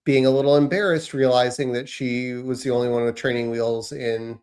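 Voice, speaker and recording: A man in his thirties with an American accent, co-hosting a casual podcast and telling animated stories about his kids. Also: mid-range voice, moderate pace. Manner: animated storytelling, acts out his kids' lines. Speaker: podcast co-host. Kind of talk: casual chat.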